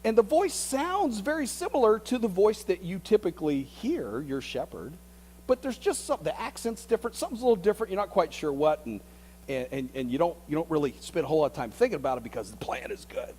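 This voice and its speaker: A male pastor preaching a sermon as a vivid story, often repeating words and dropping into hushed tones. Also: high-pitched, very animated, fast talker, a little hiss or hum, poor audio.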